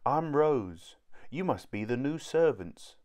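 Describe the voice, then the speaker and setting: A polite little servant girl leads the newcomers around, played by a man reading aloud. His voice rises somewhat for her, quick and helpful. It is a storybook read aloud. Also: mid-range voice, animated, darkish tone, voice pushed up. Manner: polite, hurried.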